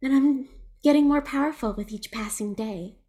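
A woman's voice: high voice, normal speed, warm tone, voice pushed up, lightly acted. A woman voicing a brash young witch in sunglasses who is blunt and mocking, swearing freely. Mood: defiant.

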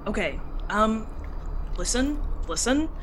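A woman's voice: fairly high pitch, expressive, slow, a little hiss or hum, voice pushed up. A woman voicing a brusque, protective young woman in a tabletop game, urgent and swearing.

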